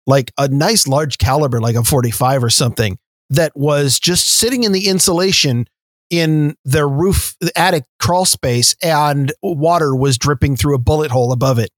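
A man's voice: medium pitch, moderate pace, dry recording, studio quality. A man co-hosting a casual podcast chat, who tells stories with lots of restarts and slips in wry jokes. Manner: storytelling with many restarts and fillers, wry jokes. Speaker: podcast co-host.

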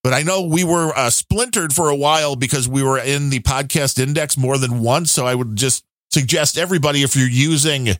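A man co-hosting a casual tech podcast, talking in an animated, jokey way with big upward swings when he exclaims. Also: mid-range voice, brisk, hardly any pauses, dry recording, clean studio sound. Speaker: podcast co-host.

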